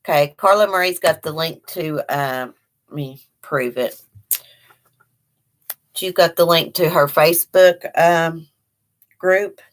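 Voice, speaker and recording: Chatty Appalachian Kentucky woman, low voice. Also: slow pace, pauses often. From Eastern Kentucky. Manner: chatty and folksy, laughs often, talks to her dog. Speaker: livestream host. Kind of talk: casual live chat reading viewer comments. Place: at home.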